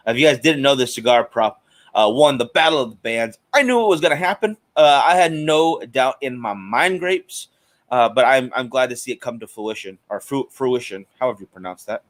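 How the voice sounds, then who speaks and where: A man's voice: medium pitch, expressive, brisk. A man hosting a live cigar stream in a chatty, casual way, greeting viewers by name. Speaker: host of a cigar show.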